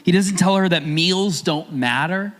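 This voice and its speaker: A man's voice: high-pitched, a little slow, fairly bright tone. A man preaching a sermon as a pastor, talking in a conversational way and asking his listeners rhetorical questions.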